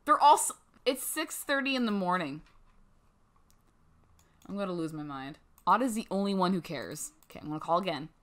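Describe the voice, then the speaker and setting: A woman's voice: fairly low pitch, a bit bright. A young woman casually commenting on her life-sim game, chatty and playful, putting words in her characters' mouths. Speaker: gaming channel host. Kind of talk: casual let's-play commentary.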